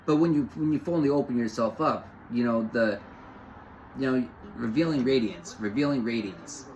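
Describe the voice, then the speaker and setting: A man's voice: mid-range voice, moderate pace, a little mellow, a little hiss or hum, rough recording. A man giving an off-the-cuff spiritual talk, rambling and repeating phrases with lots of fillers. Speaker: spiritual host.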